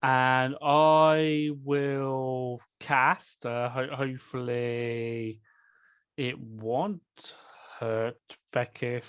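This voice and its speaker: A man playing a tabletop game, talking through his turn hesitantly with many pauses. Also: medium pitch, fairly even intonation, fairly bright tone, clear, resonant tone, dry recording, clean studio sound. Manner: hesitant, lots of uh's. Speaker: player. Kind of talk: casual tabletop play.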